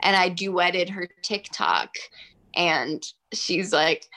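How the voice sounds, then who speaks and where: A singer-songwriter in her twenties tells stories in a casual interview, speaking very slowly in a fairly low voice. She's chatty and animated, leaning heavily on "like" and other fillers.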